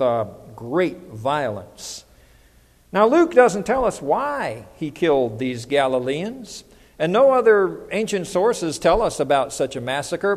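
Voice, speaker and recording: High-voiced pastor preaching in a hall. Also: male voice, darkish tone. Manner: conversational, asks the congregation questions. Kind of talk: sermon.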